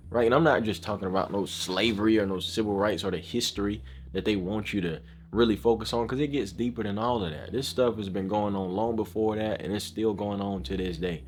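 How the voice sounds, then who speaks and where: A man vlogging a casual opinion rant, emphatic and slangy, often saying bro and asking if you know what he's saying. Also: fairly low pitch.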